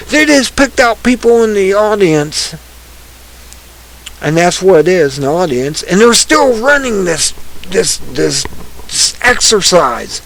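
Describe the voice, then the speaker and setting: An agitated man rants through online news commentary in a high, wildly swinging voice that drops to mutters and jumps to shouts. He speaks slowly, with a gravelly fry, and a faint hiss sits under the recording. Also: low-quality recording. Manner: reads headlines then rants angrily.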